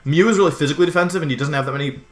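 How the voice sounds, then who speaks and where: With a voice on the high side and rapid-fire delivery, a young Pokémon streamer from Washington, D.C. casually commentates a match. He rambles, fills in with ums and keeps breaking off his own sentences.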